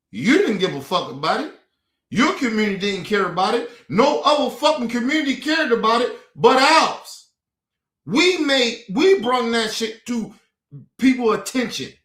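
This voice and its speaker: Here a streamer reacts to clips in a high, slightly bright voice, swearing heavily in a blunt, indignant way. It's casual profane commentary, recorded in an echoey room.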